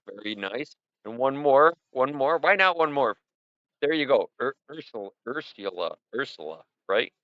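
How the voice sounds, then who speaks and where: A middle-aged man with a bright, forward voice, chatting loosely on a livestream. He rambles and sounds upbeat, throwing in a punchy "boom" now and then. The sound is dry and a little dull, like lo-fi stream audio. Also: dry recording. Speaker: livestream host. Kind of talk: casual livestream chat reviewing viewer art.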